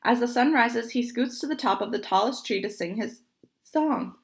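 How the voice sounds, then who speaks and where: A young woman reading a picture book aloud, gentle and expressive, pausing to point at the pictures. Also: fairly high pitch, vocal fry. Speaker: storybook reader.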